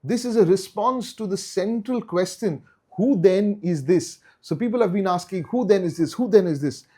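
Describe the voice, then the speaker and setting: A man's voice: high-pitched, normal speed, mellow, breathy edge. A man teaching a Bible study in an earnest way, repeating key phrases for emphasis.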